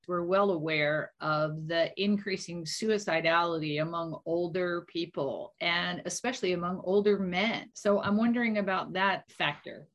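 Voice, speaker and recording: A woman co-hosting a medical news show, her voice sitting a little low. She talks through research findings in a measured, thoughtful way. The tone is conversational and informative. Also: steady tone, fairly bright tone. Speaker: co-host of medical news podcast.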